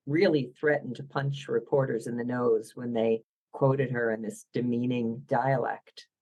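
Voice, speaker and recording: Philadelphia woman, interview guest, wry and opinionated, lively delivery. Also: very deep voice, a little slow, highs cut off. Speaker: guest author. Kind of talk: podcast interview.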